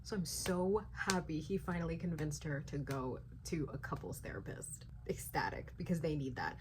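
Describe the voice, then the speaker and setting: A young woman vlogging her reactions to a book, animated and ranting, full of "like" fillers and the odd swear. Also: deep voice, moderate pace, noisy background. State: sleepy late at night. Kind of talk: casual reading vlog reactions.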